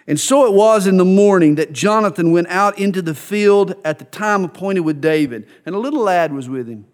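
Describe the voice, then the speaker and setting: A man's voice: sits high, lively intonation, a little fast. A man preaching a sermon, reading scripture aloud and then explaining it in plain talk with wry jokes. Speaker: pastor. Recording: echoey hall with long reverb.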